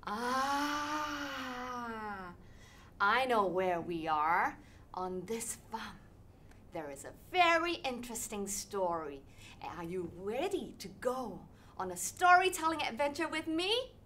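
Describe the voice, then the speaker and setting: Female workshop leader, bright animated storyteller for children. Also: on the high side, slow. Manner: animated, sing-song, with sound effects.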